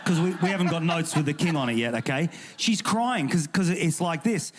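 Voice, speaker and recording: An English pastor on a panel speaks briskly in a slightly high voice with lively intonation. He jokes, gets emphatic and indignant, and keeps restarting his sentences.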